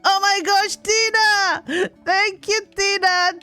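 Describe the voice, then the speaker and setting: A woman doing let's play commentary, excitable, talking to herself with shrieks and laughs. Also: very high-pitched, takes it slowly. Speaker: gaming streamer.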